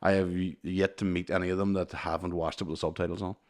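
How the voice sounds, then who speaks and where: A man's voice: deep voice, level tone, fast. A Northern Irish man in his thirties telling stories in a casual, sweary chat, laughing often. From Northern Ireland. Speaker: podcast host.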